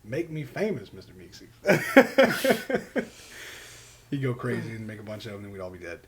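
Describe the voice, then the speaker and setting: A man's voice: lowish voice, expressive, fast, a crowd in the background. A man co-hosting a podcast in casual chat, laid-back and jokey, often saying "man" and laughing. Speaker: podcast co-host.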